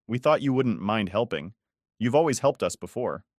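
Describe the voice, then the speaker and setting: Man reading pleading mother, soft, desperate, dry close sound. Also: mid-range voice, lively intonation, moderate pace, dry recording.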